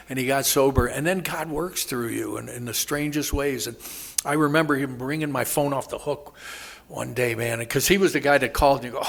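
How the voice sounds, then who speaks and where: Gravelly guy rambling through his sobriety story, cuts himself off, laughs a lot, does loud voices for people he quotes. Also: medium pitch, fairly quick. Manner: rambling, self-interrupting storyteller who laughs at his own jokes; acts out quoted voices with sudden loud jumps. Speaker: AA speaker. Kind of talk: personal recovery story at a meeting.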